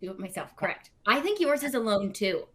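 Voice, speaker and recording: A woman's voice: medium pitch, sing-song, brisk. A woman, an actress, chatting in an interview and retelling little stories with quoted asides. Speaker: actress promoting a film. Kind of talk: casual playful chat.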